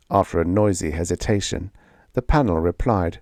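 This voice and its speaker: A man narrating a vintage science fiction short story as a sleep story, calm and measured. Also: low-pitched, no room sound, clean studio sound. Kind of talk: scripted audiobook narration for sleep.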